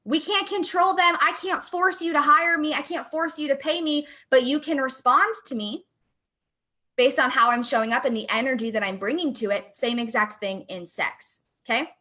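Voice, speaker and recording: A young adult woman coach talking in a casual, chatty and energetic way, with lots of fillers. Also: high-pitched, normal speed. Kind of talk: casual chat.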